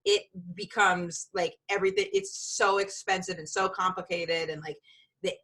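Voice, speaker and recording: A woman's voice: fairly low pitch, steady tone, normal speed, a bit bright. A woman co-hosting a podcast, a comedian talking in an easygoing, rambling way. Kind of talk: casual chat.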